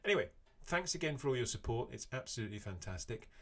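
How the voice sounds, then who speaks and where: A man's voice: mid-range voice, fast. A middle-aged man hosting a podcast, talking casually with frequent fillers. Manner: relaxed, chatty, with frequent fillers. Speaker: podcast co-host.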